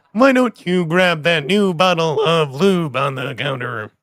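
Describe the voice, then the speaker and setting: A man putting on a creepy old man with a flat, robotic, synthesized-sounding delivery, as a comedic impression. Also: on the high side.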